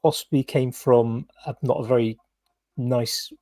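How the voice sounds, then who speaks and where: A man's voice: mid-range voice, steady tone, measured pace, mellow, no room sound. A British man hosting a casual podcast, telling stories in a rambling way full of "kind of" and "you know". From United Kingdom. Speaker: podcast host.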